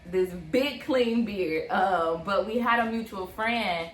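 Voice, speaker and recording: A young woman in her twenties, casually telling a personal story on a couple's vlog, animated and full of fillers. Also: mid-range voice, slow, echoey room, faint music behind. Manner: animated, many fillers, acts out quotes. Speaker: vlog co-host.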